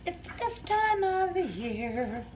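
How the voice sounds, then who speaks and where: Woman vlogger, unhurried kitchen chat, rambling and giggly, faint background hum. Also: very high voice, very animated. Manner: chatty, rambling, laughs often. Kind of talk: casual chat while baking. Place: home kitchen.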